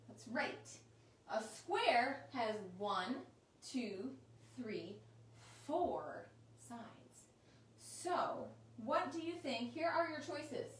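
A young woman teaching kindergarten, her voice lively and swooping up and down as she speaks slowly and with encouragement. She sounds a little distant from the mic in a roomy space with a faint hum in the background. Her voice is a bit higher than most. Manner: slow, sing-song, encouraging teacher talk. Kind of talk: online kindergarten lesson.

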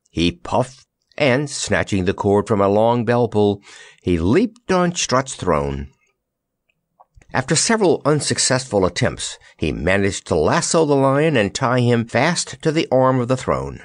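A man narrating a children's storybook with an expressive, animated delivery. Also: fairly low pitch, measured pace, no echo, studio quality. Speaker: audiobook narrator. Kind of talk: storybook reading.

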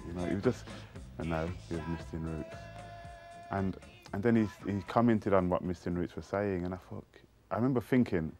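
A man, reminiscing in an interview as an animated storyteller who mimics voices. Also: low voice, fast talker, few pauses, soft background music. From Birmingham, England.

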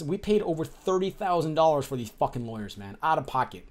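A man's voice: on the high side, expressive, fast, darkish tone. A young man from the Chicago area telling a personal story in a casual, profane and heated way, acting out the people in it. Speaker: streamer telling his life story.

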